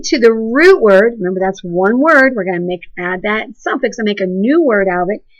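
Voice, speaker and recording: Lively lady teacher doing a phonics lesson, high-ish voice, slightly muffled audio. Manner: encouraging, animated, sing-song praise. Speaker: second grade teacher. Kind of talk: remote classroom lesson and read-aloud.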